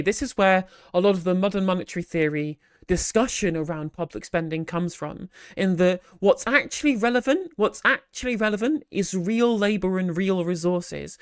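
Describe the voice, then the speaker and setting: A stream host commenting live in a loose, rambling way, doubling back mid-sentence and slipping in sarcastic jabs. The voice sits at a middle pitch. It is recorded close on a mic with a dry, roomless sound. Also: clean tone, no echo. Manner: rambling, animated, full of restarts and sarcasm.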